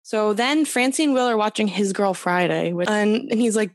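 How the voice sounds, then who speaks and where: A woman co-hosting a podcast, retelling TV episodes in animated, profane casual chat. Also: mid-range voice, fairly quick, hardly any pauses, no room sound. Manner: animated and profane, with frequent fillers. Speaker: podcast co-host. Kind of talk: casual chat recapping a TV show.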